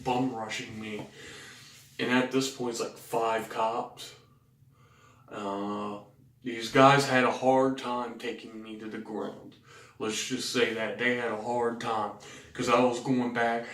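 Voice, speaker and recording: Slow, flat-voiced Southern man, roomy and distant. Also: medium pitch. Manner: blunt and profane, rambling with fillers. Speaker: vlogger telling his story. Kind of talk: personal storytelling to camera. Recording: roomy sound from a distant mic.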